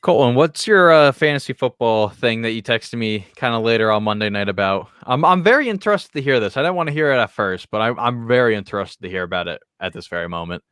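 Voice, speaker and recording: A man's voice: mid-range voice, expressive, fast talker, hardly any pauses, fairly bright tone, smooth, dry recording, studio quality. A man co-hosting a sports podcast, talking in a laid-back way and teasing his co-host with questions. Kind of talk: casual sports chat.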